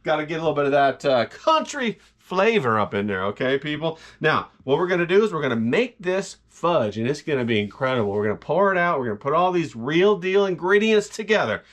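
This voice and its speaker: A man's voice: on the high side, big pitch swings, a little fast, few pauses, a bit bright. A man hosting a jokey cooking video in his home kitchen, boasting and hyping up his viewers. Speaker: home cook, vlog host. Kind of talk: comedic cooking vlog.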